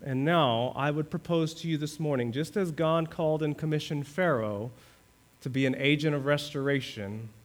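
A male pastor preaching a sermon, asking the congregation questions and building to fervent high points. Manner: preaching with rising fervor, rhetorical questions to the congregation.

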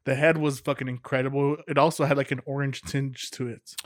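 A man's voice: medium pitch, little pitch movement, brisk, dry recording, studio quality. A man co-hosting a podcast, chatting casually about beer, loose and jokey with a lot of swearing. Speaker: podcast co-host. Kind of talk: casual beer-tasting chat.

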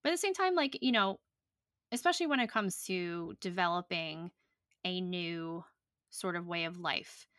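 A woman's voice: on the low side, moderate pace, fairly bright tone, no echo. A young adult woman hosting a podcast in casual chat, blunt and profane with lots of fillers, talking on a close podcast mic. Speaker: podcast host.

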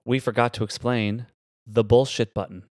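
A man's voice: medium pitch, little pitch movement, normal speed, a little mellow, no echo. Playful man with a dry close sound. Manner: playful, reacts with short interjections. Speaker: podcast co-host. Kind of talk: casual chat.

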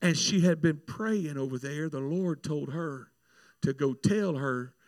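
A man, a minister, telling a testimony in a sermon with animated storytelling and repeated words. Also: a little high, a little slow, no echo. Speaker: minister praying at altars.

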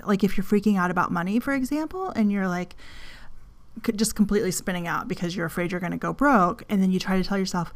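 Casting: middle-aged woman, candid self-help host, casual storytelling, mid pitch. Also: a little fast, a little mellow. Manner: frank, storytelling, swears casually, laughs at herself. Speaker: podcast host and coach.

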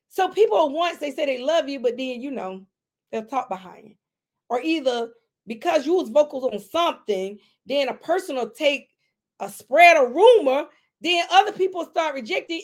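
A woman preacher giving a conversational sermon, emphatic and talking straight to her listeners, swinging between loud emphasis and quiet asides. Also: high-pitched. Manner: emphatic, addresses listeners directly.

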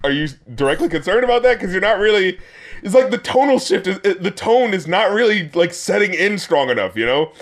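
A man chats casually in a high-pitched voice with big pitch swings and a slightly quick pace. He rambles, mocks, laughs often, curses freely and keeps dropping "like" as a filler.

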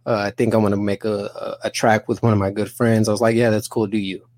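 Profane, animated man in his thirties. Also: lowish voice, fairly quick, no room sound. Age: 30s. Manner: animated, profane, retells arguments in quoted dialogue. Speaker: podcast guest. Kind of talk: casual podcast storytelling.

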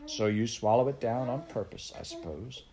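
A woman reading aloud voices a kindly male doctor who speaks gently and soothingly. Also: a bass voice, expressive, moderate pace.

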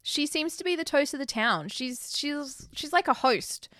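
Una mujer que presenta un podcast y cuenta escenas de una película con animación, interpretando las frases de los personajes. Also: female voice, high voice, normal speed, dry recording, studio quality. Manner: animated, acts out characters' lines while retelling scenes. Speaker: podcast co-host. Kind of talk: casual movie recap chat.

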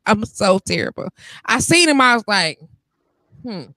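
A woman's voice: mid-range voice, measured pace, no room sound, low-quality recording. A woman telling a funny story in casual chat, laughing often and acting out the voices of the people in it. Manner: animated, laughs often, acts out quoted voices.

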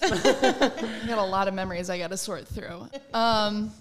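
A woman's voice: medium pitch, unhurried. A young woman from Minnesota, a college basketball player, chatting in an interview in a bubbly way and laughing often. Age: young adult. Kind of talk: casual interview.

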